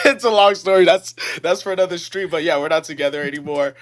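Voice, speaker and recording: A man calling in to a live stream, earnestly telling a work story in casual conversation. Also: a little high. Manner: earnest, recounting a story, pauses and restarts. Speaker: caller. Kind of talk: casual call-in chat.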